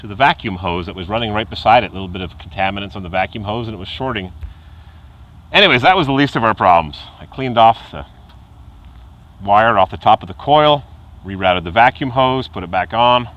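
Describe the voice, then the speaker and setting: A low-voiced man rambles through a car repair story outdoors at night, his pitch swinging widely as he chuckles and mimics the car's noises. His tone is bright and forceful. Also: lively intonation, fairly quick, dull audio. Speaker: car hobbyist vlogger. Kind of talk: casual storytelling vlog.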